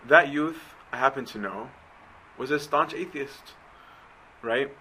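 A man's voice: medium pitch, slow pace, sharp tone, slight background noise, poor audio. A man giving a conversational sermon, often checking in with his listeners. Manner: conversational, keeps asking right?. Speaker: preacher.

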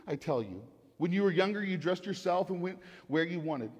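Pastor guy preaching, earnest, says things over and over, kinda high voice, big hall reverb. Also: expressive, fast. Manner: earnest, repeats phrases for emphasis. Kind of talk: sermon.

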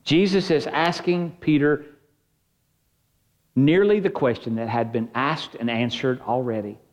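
A man's voice: medium pitch, fairly even intonation, measured pace. A man preaching a sermon as pastor, earnest and conversational, shifting his emphasis as he speaks.

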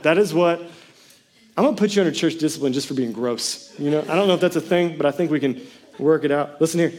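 A man in his thirties, a pastor giving a sermon in a casual, jokey storytelling way, often breaking into loud, excited bursts. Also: on the high side, fast talker.

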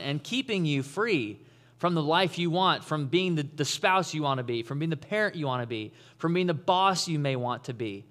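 A man preaching an Easter sermon in a conversational, animated way, acting out the people he quotes. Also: a little high. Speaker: pastor.

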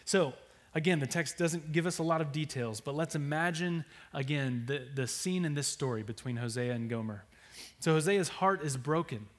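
A man preaching a sermon. His delivery swings between hushed, near-whispered lines and loud, emphatic readings of scripture. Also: a little high, normal speed.

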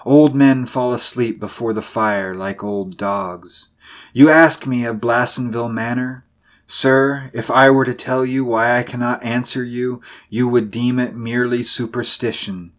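A man voicing a weary old voodoo man who speaks slowly and in a hush. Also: mid-range voice, steady tone, natural voice. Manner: slow, hushed speech.

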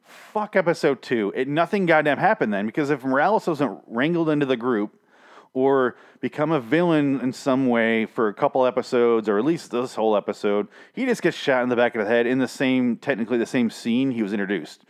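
A young man with a voice going hoarse gives a profane, rambling, exasperated recap of a TV episode. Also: medium pitch, brisk. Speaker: show recapper. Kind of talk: casual ranting recap.

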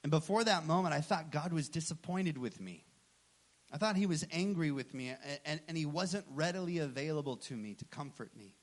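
Pastor in his thirties, male, slightly raised pitch, preaching with animated, story-driven delivery. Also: brisk. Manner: animated storytelling, acting out dialogue. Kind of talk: sermon.

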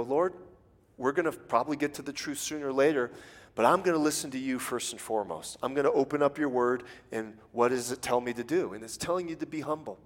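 A man giving a folksy sermon as a guest preacher, acting out little everyday exchanges. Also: a little high. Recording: long hall reverb.

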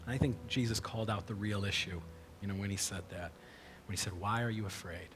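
A man's voice: lowish voice, fairly even intonation, fast talker, noisy background. A man preaching a sermon in a conversational way, often checking in with "right?". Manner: conversational, frequent "right?" asides. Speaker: pastor. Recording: long hall reverb.

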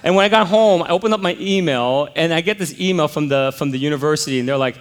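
Male pastor, middle-aged, lively storyteller, slightly high voice, long church-hall reverb. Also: fast, few pauses, clean tone. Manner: animated storytelling, exclamatory. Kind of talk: sermon with personal story.

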